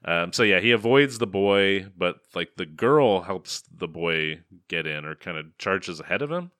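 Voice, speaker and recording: A man co-hosting a casual film-review podcast, sarcastic and quick to laugh, his sentences trailing off quietly at times. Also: deep voice, animated, no echo, clean studio sound. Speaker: podcast co-host.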